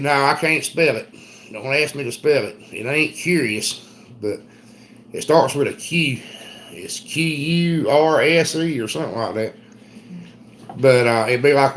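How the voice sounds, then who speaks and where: A middle-aged man with an Eastern North Carolina Southern accent, chatting casually on a livestream in a folksy, drawn-out storytelling way. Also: medium pitch, lively intonation, a bit bright. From Southern United States. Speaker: livestream host. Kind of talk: casual live chat reading comments.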